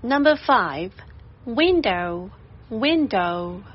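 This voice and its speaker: A woman reading a children's story aloud and pronouncing vocabulary words with slow, careful enunciation. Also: medium pitch, animated, slightly rough, lo-fi sound. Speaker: story narrator and vocabulary teacher.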